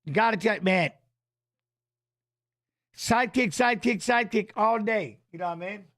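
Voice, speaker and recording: A middle-aged man hosting a fight watch-along, animated, coaching the fighters and chatting with viewers. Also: high voice, unhurried. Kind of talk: live watch-along commentary and chat reading.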